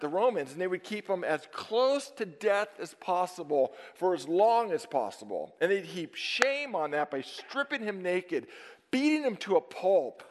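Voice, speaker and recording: A high-voiced man preaching with real fire, punching key words and then dropping to a near hush. His sermon rings out through a church sanctuary with a long, lingering reverb. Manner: emphatic, dynamic preaching with sudden drops to near-whisper. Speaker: pastor.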